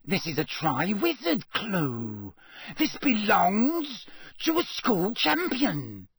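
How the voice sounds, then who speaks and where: A male narrator putting on a spiteful old caretaker who whines and gloats, his husky voice pitched high and swooping. He drags his words out slowly and sounds dry and close. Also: wildly swooping pitch, fairly bright tone, no echo, exaggerated voice. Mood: gloating. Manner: gleeful, wheedling, malevolent whine. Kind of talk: audiobook character voice.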